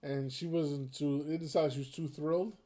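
A man's voice: a little high, fairly even intonation, fairly quick, dark tone. A man in his thirties co-hosting a podcast, chatting casually and telling stories, laughing and acting out his son's lines. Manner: loose, laughing storyteller who acts out his son. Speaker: podcast co-host. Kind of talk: casual chat.

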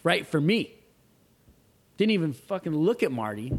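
A man with a somewhat high voice tells a story in loose casual chat. He is animated, acts out the voices of the people in it and swears freely. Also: normal speed. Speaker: guest.

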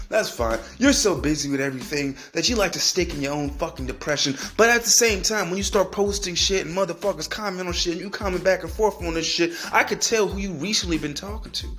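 A man's voice: on the high side, a bit bright. A young man ranting angrily at his friends, swearing constantly, stumbling over repeated words and mocking them in a whiny voice. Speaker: podcast host. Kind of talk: profane solo rant.

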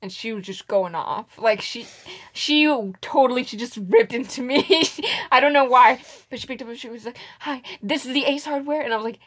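A woman's voice: fairly high pitch, normal speed. A young woman chatting casually as a podcast co-host, telling workplace stories and acting out what customers said. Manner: animated storyteller, acts out customers' lines, laughs often. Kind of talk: casual chat, storytelling.

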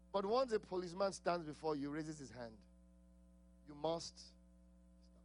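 A man's voice: high-pitched, slow pace, long pauses, a little hiss or hum. A man with an accent preaching a sermon, laughing often, asking the congregation questions and repeating key words. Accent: non-native English accent.

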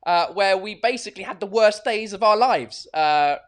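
A man's voice: high-pitched, expressive, normal speed. A man hosting a casual live-stream podcast, rambling and swearing freely as he chats from a hot room with a fan running. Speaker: podcast and livestream host.

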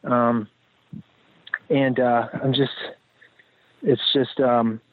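A man's voice: medium pitch, flat delivery, extremely slow, dry recording. A man talking as a podcast guest, reflective and rambling with many fillers and restarts. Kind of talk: casual interview talk. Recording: tinny phone-like line, dry.

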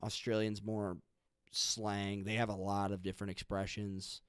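A young man hosts a podcast, chatting casually and rambling with lots of fillers and restarts. His voice is fairly low, level, clear, and resonant, and he speaks at a measured pace. The recording is dry with clean studio sound.

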